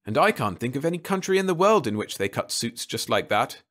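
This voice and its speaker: A man's voice: mid-range voice, sing-song, brisk, a bit bright. A man voicing a precise, matter-of-fact army colonel. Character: measured older male army colonel.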